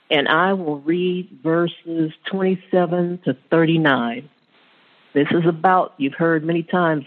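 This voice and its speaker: A man praying and then reading scripture as a preacher, fervent and drawn out, with frequent hallelujahs and amens. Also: a little high. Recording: tinny phone-like audio.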